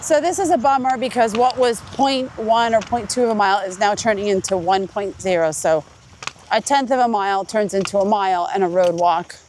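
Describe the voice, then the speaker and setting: A woman's voice: mid-range voice, a little fast, a little mellow. A woman with a stuffy, congested voice talks casually to her viewers while walking a forest trail. She rambles, with plenty of fillers and restarts, into a handheld camera. A faint hiss sits under the recording. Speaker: hiking vlogger. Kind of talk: casual vlog talk while hiking.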